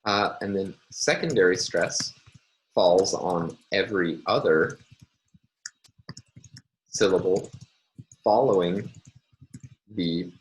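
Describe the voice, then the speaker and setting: A man's voice: sits low, poor audio. A man giving a recorded university phonology lecture, explaining step by step with frequent ums and uhs.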